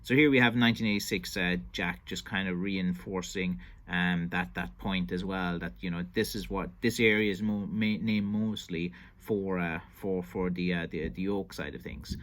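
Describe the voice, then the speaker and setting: A man's voice: low voice, steady tone, normal speed, hardly any pauses, a bit bright. Hesitant Irish-raised man commenting. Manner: hesitant, many fillers and restarts. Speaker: stick maker reviewing an old interview. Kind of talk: casual commentary.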